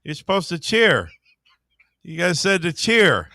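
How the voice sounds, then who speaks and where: High gravelly radio co-host with dry quips. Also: male voice, big pitch swings, a little slow, pushed and bright, no echo. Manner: dry, mock-indignant quips. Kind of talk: casual studio banter. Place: radio studio.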